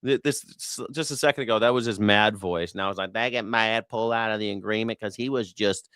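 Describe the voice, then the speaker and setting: A man's voice: on the low side, brisk, fairly bright tone, clear, resonant tone, no echo, studio quality. A man hosting a news reaction show, talking in a casual, profane and sarcastic rant. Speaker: host.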